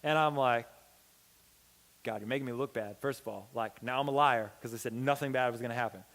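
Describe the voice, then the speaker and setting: A young man giving a youth sermon as a pastor, telling a story with lively acted-out dialogue. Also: a little fast. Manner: animated, acts out quoted dialogue with big pitch swings. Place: church hall. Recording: long hall reverb.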